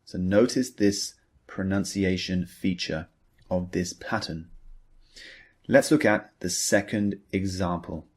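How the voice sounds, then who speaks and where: A man teaching an English lesson, explaining patiently in a measured way and asking the listener rhetorical questions. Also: low-pitched, fairly even intonation.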